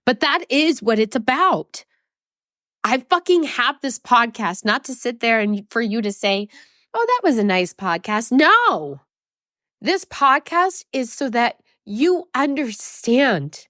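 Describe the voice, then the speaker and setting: A woman's voice: high-pitched, big pitch swings, slow, a bit bright, no room sound, clean studio sound. A woman hosting a podcast, talking in a raw, emotional and blunt way with swearing, tearful as she speaks. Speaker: podcast host. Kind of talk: confessional podcast monologue.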